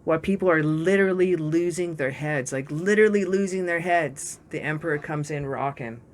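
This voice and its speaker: A woman giving a storytelling tarot reading in an excitable, dramatic and profane way. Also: deep voice, moderate pace, a little hiss or hum. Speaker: tarot reader.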